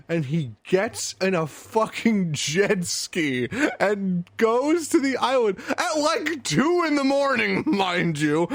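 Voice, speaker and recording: A man's voice: very high-pitched, no echo. A man co-hosting a casual podcast, recapping an anime episode with frequent laughter and swearing. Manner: laughs often, swears freely. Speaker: podcast co-host.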